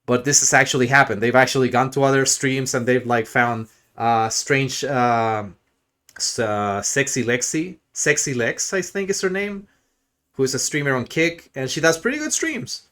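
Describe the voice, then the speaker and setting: Male streamer, mid-pitched, crude and sarcastic, rambling mocking rant. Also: normal speed, bright, forceful tone.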